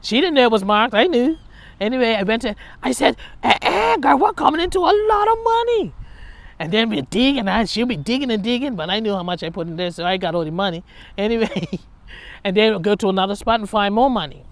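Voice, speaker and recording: A woman speaks at a medium pitch, recounting her childhood in a loose, conversational way. She is candid and reflective, and she often laughs at her own past. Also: fast talker, dry recording. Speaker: storyteller. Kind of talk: personal life story, told conversationally.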